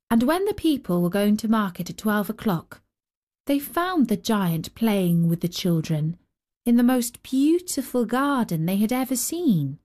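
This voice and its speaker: A woman hosting a storytelling show, reading a children's story in a slow, expressive narration. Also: medium pitch. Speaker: storyteller host. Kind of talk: scripted narration.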